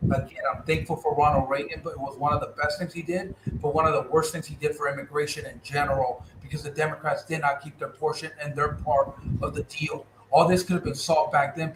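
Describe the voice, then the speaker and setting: A Californian man in a candidate interview talks bluntly and with conviction. His voice sits fairly high. The room around him is echoey, with faint noise behind. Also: a bit bright. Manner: blunt, impassioned, emphatic. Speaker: political candidate.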